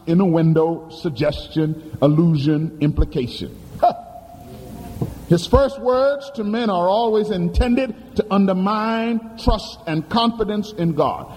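A man's voice: high-pitched, lively intonation, takes it slowly, darkish tone, slight background noise. A man preaching a sermon as pastor, dramatic and emphatic, posing questions to the congregation. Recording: echoey hall with faint ambience.

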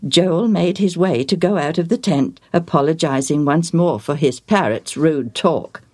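A woman reading a children's story aloud in an expressive, animated way. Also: low-pitched, measured pace, no echo. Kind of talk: storybook narration.

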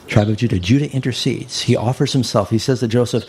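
A man preaching a sermon, telling a story with lively swings, climbing high when excited and slowing down to stress key lines. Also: breathy edge.

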